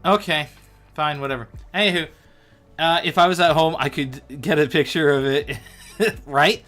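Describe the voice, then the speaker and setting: A man's voice: fairly high pitch, normal speed, fairly bright tone, faint music behind. A man hosting a casual livestream, chatting animatedly about comics and scripture and talking straight to his viewers. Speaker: host.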